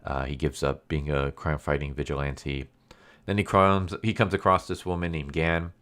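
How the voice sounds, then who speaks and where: A man's voice: extremely low pitch, flat delivery, normal speed, a bit bright. A man casually recapping a comic story, rambling with lots of fillers and restarts and adding wry, sarcastic asides. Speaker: comic book reviewer.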